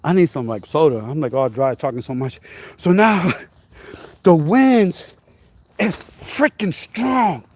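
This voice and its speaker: A man vlogging outdoors at night, telling a story in an animated, repetitive, exclaiming way, now and then coughing. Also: a little high, slow pace, no room sound. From New Jersey. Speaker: channel host. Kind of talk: casual storytelling vlog.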